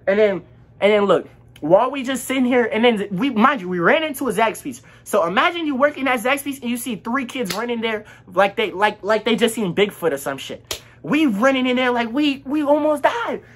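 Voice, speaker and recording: Husky young man telling a wild story. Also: very high-pitched, fairly quick. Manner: animated, slangy storytelling that acts out the dialogue. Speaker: vlogger. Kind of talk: casual storytime vlog.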